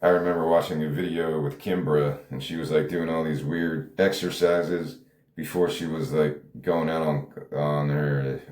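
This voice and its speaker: Very deep-voiced man rambling solo. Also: a little mellow, reverberant. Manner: rambling, self-deprecating, laughs often. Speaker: podcast host. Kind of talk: casual solo monologue.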